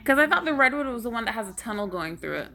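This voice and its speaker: A woman's voice: on the high side, big pitch swings, rapid-fire, vocal fry. A woman playing along with a trivia show at home, chatting and unsure of her guesses, heard from a distance. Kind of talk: casual chat. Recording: distant, over loud music.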